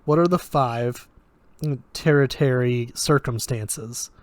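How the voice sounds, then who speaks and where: A man voicing a sardonic male magic professor who speaks in a flat, lecturing way with a Russian accent. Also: medium pitch, slow pace, dry recording, close to an everyday voice.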